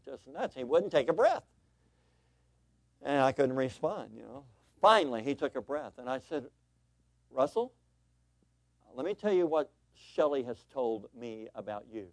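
A male pastor preaching from the pulpit, his voice moving between vivid storytelling and quiet, earnest appeals. He speaks at a middle pitch, and the sound is close and dry with little room echo. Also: animated, moderate pace. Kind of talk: sermon with storytelling.

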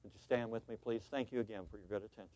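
A man preaching a sermon as pastor, telling a story with animated voices before turning earnest and exhorting his congregation. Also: lowish voice, rapid-fire.

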